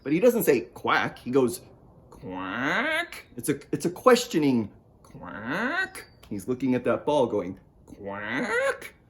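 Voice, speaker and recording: A man's voice: mid-range voice, big pitch swings, brisk, hardly any pauses. A man reading his picture book aloud at storytime, playful and talking straight to young listeners. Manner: playful, talks to young listeners and asks them to join in. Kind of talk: storytime read-aloud for children.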